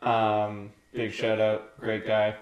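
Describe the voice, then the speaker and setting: A man's voice: lowish voice, monotone, slow pace, echoey room, highs cut off. A man co-hosting a casual beer-tasting chat, laid-back and agreeable, talking in easy slang. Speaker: co-host.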